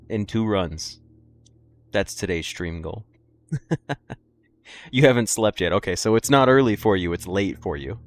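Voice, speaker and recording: A tired young man streaming a game, chatting loosely with his viewers and yawning, rambling with many fillers. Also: fairly low pitch. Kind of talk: casual live-stream chat with viewers.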